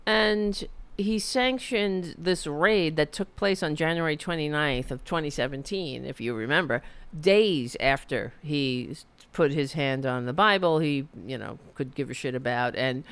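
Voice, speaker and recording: A woman's voice: sits low, unhurried, clear, resonant tone. A middle-aged woman hosting a live political stream, ranting in a heated, profane, rambling way with frequent restarts. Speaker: political commentary host.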